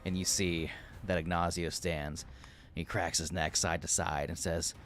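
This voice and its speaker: A man's voice: deep voice, flat delivery, unhurried, a bit bright, soft background music. A man narrating a tabletop game as game master, in a casual way with lots of fillers. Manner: casual, lots of likes and restarts.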